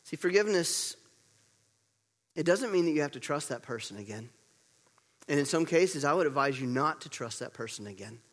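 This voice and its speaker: A man preaching a sermon as pastor, moving between loud urgent storytelling and quiet hushed emphasis, repeating words to drive points home. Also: on the high side, lively intonation, normal speed, long pauses. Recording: long reverb of a large hall.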